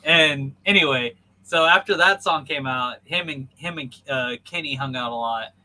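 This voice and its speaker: On a rough recording with slight background noise, a man hosts a podcast via video call, spinning a rambling story full of ums and likes. His voice is a little high, bright, and forceful, at a moderate pace.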